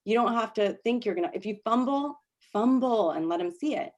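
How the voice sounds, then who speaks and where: Here a woman presents an easygoing video-call workshop, her voice on the high side yet darkish, with lively intonation and a slightly fast delivery. Chatty and laughing, she often starts her sentences over while coaching.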